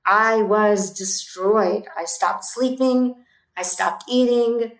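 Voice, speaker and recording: A woman's voice: medium pitch, slow pace. A middle-aged woman, an entrepreneur, telling her story in an interview, intense and emphatic. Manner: intense, emphatic, swears when fired up. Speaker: guest, entrepreneur. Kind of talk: emotional interview talk. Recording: roomy echo.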